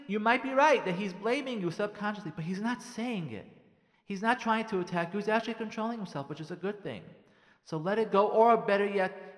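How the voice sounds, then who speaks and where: A man's voice: a little high, big-room sound. A man speaking as a rabbi, giving marriage advice on the radio in an emphatic style, repeating key phrases and acting out what spouses say.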